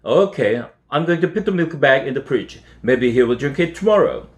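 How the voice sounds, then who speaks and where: A man doing a calm storybook mother. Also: mid-range voice, normal speed, natural voice. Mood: soothing. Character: calm, sensible mother settling an argument.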